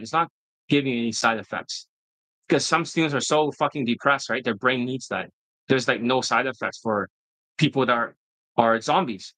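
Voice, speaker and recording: A man's voice: mid-range voice, sharp tone, no echo, poor audio. A middle-aged man giving a blunt, profane coaching rant, often tossing in "right?". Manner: keeps asking "right?" to prompt agreement. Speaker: dating coach. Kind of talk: ranting coaching monologue.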